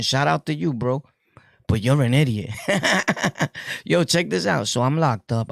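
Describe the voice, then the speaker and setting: A man with a New York accent telling his prison stories to viewers in a casual, jokey way, full of street slang and quick laughs. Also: medium pitch, vocal fry, dry recording, studio quality.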